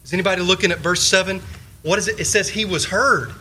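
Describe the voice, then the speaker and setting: Emphatic preacher with a bright, high voice. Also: male voice, fast, breathy edge, rough recording. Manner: emphatic, rhetorical questions, repeats phrases; leans on short repeated exhortations. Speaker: pastor. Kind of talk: sermon.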